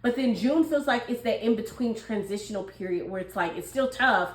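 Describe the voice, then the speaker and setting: A woman's voice: fairly high pitch, brisk, a little hiss or hum. Chatty woman tarot reader in an echoey room. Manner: chatty, laughs often, acts out little dialogues. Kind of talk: casual tarot reading.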